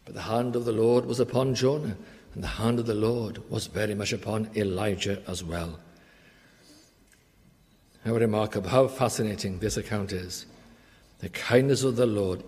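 A man preaching a sermon in an earnest, emphatic way, slowing down to stress key phrases. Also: on the low side, darkish tone, in a large hall.

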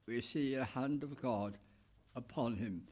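A man preaching a sermon, reading scripture aloud in short, deliberate phrases and explaining it, with the odd cough and throat clear. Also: mid-range voice, a little mellow. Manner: slow, deliberate, pausing between short phrases.

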